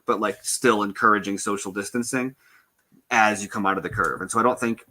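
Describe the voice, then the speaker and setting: A man's voice: lowish voice, steady tone, brisk, bright, forceful tone. A man in a casual stream chat, talking things through thoughtfully with lots of ums and hedges.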